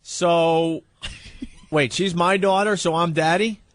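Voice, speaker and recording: A man's voice: fairly high pitch, steady tone, slow, dry recording. A man co-hosting a radio talk show, reading listener mail aloud and puzzling over it with hesitant asides. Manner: reads out letters, puzzled and hesitant. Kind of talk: casual radio banter. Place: radio studio.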